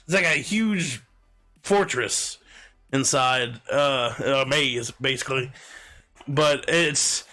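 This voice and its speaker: A man co-hosting a casual podcast, retelling a story in an animated way and laughing often. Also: medium pitch, slow. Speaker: podcast co-host. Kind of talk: casual chat.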